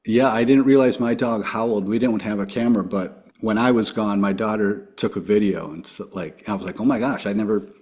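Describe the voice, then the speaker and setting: A man hosting a casual podcast, asking quick upbeat questions. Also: on the low side, fairly even intonation, a little mellow. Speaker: podcast host. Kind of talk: casual interview chat.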